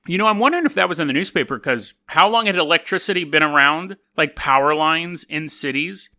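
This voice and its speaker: A male podcast host spins a spooky story in a loose, joking, rambling manner. His voice is very bright and a little high, and it rises and falls constantly. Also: lively intonation, fairly quick.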